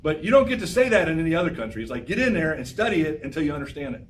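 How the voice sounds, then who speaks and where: Energetic professor lecturing from a distance. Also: male voice, a little high, rapid-fire, a little hiss or hum. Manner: energetic, exhorting, repeats phrases. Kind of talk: classroom lecture. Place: college classroom.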